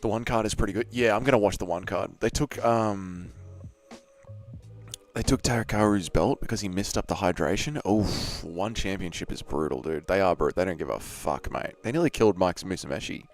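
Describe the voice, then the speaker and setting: A young Australian man hosts a live watch-along, talking casually to his viewers, swearing and laughing between remarks. His voice sits low and has a gravelly fry. He sounds worn out from an early start. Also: fairly quick. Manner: loose and swearing, chatting with viewers and laughing often. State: tired from an early wake-up. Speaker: streamer hosting a live fight watch-along. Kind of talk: casual live-stream chat.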